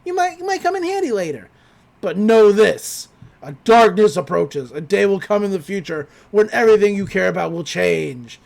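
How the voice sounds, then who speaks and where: A woman's voice: mid-range voice, sing-song, moderate pace, creaky, a little mellow. A woman voicing a male triangle dream demon, delivering an ominous warning with mocking turns, in a casual podcast retelling.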